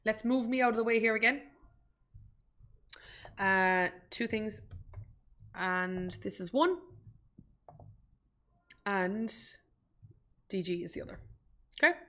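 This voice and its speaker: A woman's voice: mid-range voice, lively intonation, takes it slowly, pauses often, pushed and bright. An Irish woman giving a live stock market webinar, chatty and self-deprecating, breaking off with asides to her viewers. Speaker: investment webinar presenter. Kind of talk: live screen-share stock tutorial.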